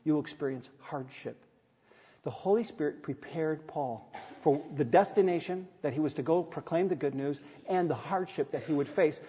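A man's voice: on the high side, normal speed, warm tone, breathy edge. A middle-aged man preaching a sermon from the pulpit, reading scripture aloud and telling personal stories in an earnest way with touches of light humor. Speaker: pastor. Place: church sanctuary. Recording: dull sound with long hall reverb.

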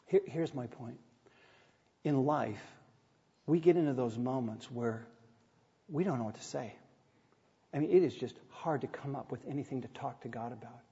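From the pulpit of a church sanctuary, a middle-aged pastor preaches at a normal speed with long pauses, his medium-pitched voice mellow with a breathy edge. He reads scripture aloud and tells personal stories earnestly, adding touches of light humor. The sound is dull, with long hall reverb.

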